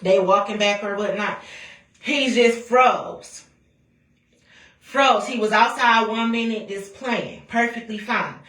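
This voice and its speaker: A woman tells a story from her own life, blunt, profane and animated, acting out what people said along the way. Her voice sits a bit back from the mic in an echoey room. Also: a little high, far from the mic. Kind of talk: casual storytime rant.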